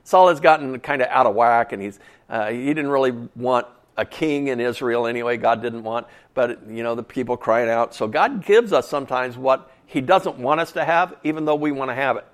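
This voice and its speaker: A man's voice: medium pitch, moderate pace. Folksy, conversational male preacher. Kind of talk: sermon.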